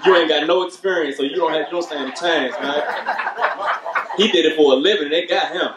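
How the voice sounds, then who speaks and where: A man's voice: on the high side, brisk. A man doing chatty, teasing crowd work in a stand-up comedy set. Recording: roomy, distant, noisy room.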